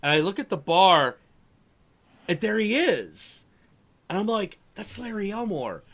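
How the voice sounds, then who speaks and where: A man hosting a live stream, telling animated casual stories with frequent swearing and stammered restarts. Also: sits high, unhurried, gravelly. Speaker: show host.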